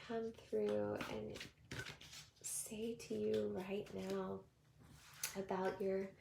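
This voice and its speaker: A woman with a Southern accent giving a tarot card reading, talking softly and prayerfully, slipping into whispers. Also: medium pitch, vocal fry, very noisy. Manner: slow, soft, prayerful delivery with drifting whispers. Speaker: tarot reader.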